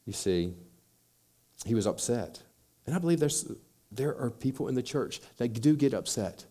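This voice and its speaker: A man's voice: mid-range voice, lively intonation, normal speed, mellow. A man preaching a sermon, acting out quoted voices and building in intensity as he makes his points. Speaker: pastor.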